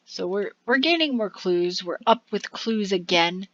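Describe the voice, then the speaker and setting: A woman hosting a let's play, reading the game's text aloud slowly and muttering asides about her choices. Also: medium pitch, expressive, no room sound, dull audio. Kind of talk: game commentary reading on-screen text aloud.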